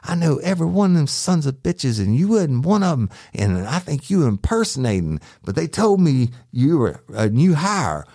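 Man doing a shrill cussing country woman. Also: big pitch swings, normal speed, vocal fry, few pauses, mellow, slightly rough, dry recording, studio quality, exaggerated voice. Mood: furious. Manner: shrill, cursing, defiant. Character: foul-mouthed furious country woman, combative.

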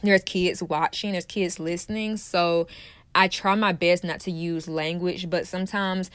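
A woman's voice: on the low side, fairly even intonation, unhurried, a bit bright, clean tone, dry recording. A woman hosting her own podcast, talking in a casual, passionate way and repeating phrases for emphasis. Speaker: podcast host. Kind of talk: casual motivational podcast monologue.

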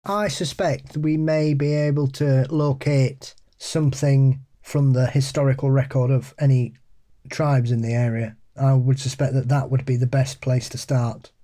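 A man co-hosting a podcast in casual chat, halting and repeating his words, often laughing. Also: mid-range voice, flat delivery, warm tone. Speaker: podcast co-host. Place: pub.

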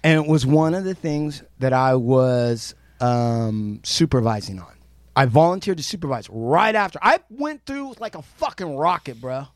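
A man co-hosting a podcast, telling a story in a brash, profane, animated way. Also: on the high side, normal speed, no echo, clean studio sound. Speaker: podcast co-host. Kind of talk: casual storytelling chat.

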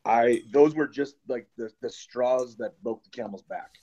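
Mid-pitched man, dull lo-fi sound. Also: unhurried, warm tone. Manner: reflective, candid. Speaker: podcast guest, former wrestler. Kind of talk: casual conversation.

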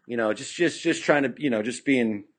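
A man's voice: mid-range voice, brisk, a little hiss or hum. A man from California telling a long story as a podcast guest, full of "you know" fillers and acted-out quotes. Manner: acts out quoted dialogue. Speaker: podcast guest, punk musician. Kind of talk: casual storytelling. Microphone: podcast studio mic.

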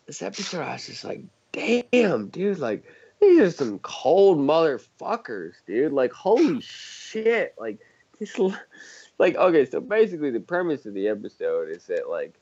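A man's voice: lowish voice, darkish tone, muffled recording. A man co-hosting a podcast, chatting casually, rambling with lots of swearing and frequent laughter. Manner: rambling, profane, laughs often. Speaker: podcast co-host. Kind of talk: casual chat.

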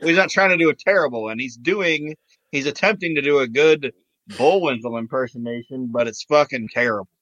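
A man's voice: medium pitch, a little fast, a bit bright, no room sound. Blunt man on a dull, lo-fi mic. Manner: blunt, heavy swearing. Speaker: podcast co-host. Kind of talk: casual wrestling review chat.

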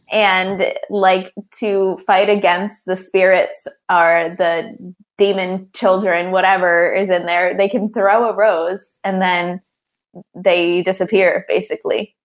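A woman's voice: medium pitch, steady tone, takes it slowly. Young woman on a movie podcast, chatty, says like a lot, easy mid voice. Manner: chatty, laughs often, lots of "like". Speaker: podcast co-host. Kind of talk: casual movie recap chat.

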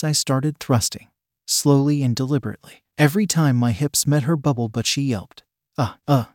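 A man narrates a first-person adult story at an even, deliberate pace. His voice sits in a middle register. The recording is close and dry, with no room around it. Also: mid-range voice, dry recording.

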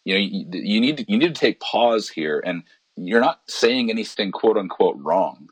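A pastor from Canada talking in a relaxed, thoughtful way with many restarts on a conversational podcast. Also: male voice, fairly low pitch, normal speed, breathy edge, dry recording.

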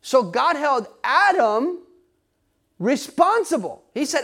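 A man's voice: very high-pitched, sing-song, unhurried, a bit bright. A male pastor preaching a sermon, speaking emphatically to his congregation, often asking them questions and laughing now and then. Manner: talks straight to the congregation, asks questions.

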